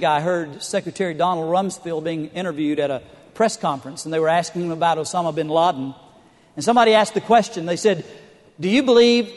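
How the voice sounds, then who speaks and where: High-voiced man preaching in a reverberant hall. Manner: storytelling with humor, rising emphatic delivery. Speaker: pastor. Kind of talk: sermon.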